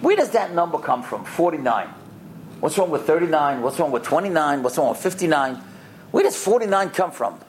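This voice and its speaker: A man with a fairly high voice gives a lively lesson to a group of boys and adults. He tells stories, voices the people in them, and stops often to question his listeners. A faint hum of noise sits behind him. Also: a little fast. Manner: lively, acts out the quoted characters, quizzes the listeners. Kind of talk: animated storytelling lesson with questions to the audience.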